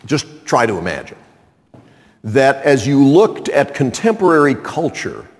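Male pastor preaching slow and lively, dramatic readings, long church-hall echo. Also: on the high side. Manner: dramatic, acts out prayers and God's replies. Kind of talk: sermon.

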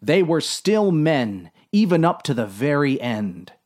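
A man's voice: fairly high pitch, big pitch swings, a little slow, a little mellow. A man voicing a solemn middle-aged male submarine captain with a grave, ponderous delivery.

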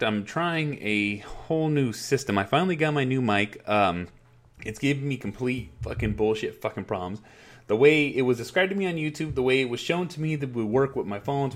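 A middle-aged man hosting his podcast from home on a headset mic, ranting in a frustrated, profane, rambling way. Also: mid-range voice. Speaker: podcast host. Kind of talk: casual ranting monologue. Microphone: headset mic at a laptop.

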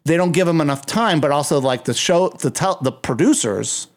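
Animated, slightly high-voiced man chatting. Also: normal speed. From United States. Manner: animated storyteller, acts out quotes. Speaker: podcast co-host. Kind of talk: casual chat.

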